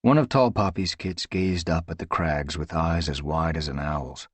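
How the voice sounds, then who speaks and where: A man narrating an audiobook in a measured, dramatic storytelling manner. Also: rumbling low, no room sound. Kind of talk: scripted narration.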